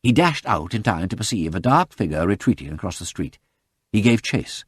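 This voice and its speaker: A man narrating a mystery novel as an audiobook in an expressive, animated storytelling style. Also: on the low side, normal speed, husky, no room sound, clean studio sound. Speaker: audiobook reader. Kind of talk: scripted narration.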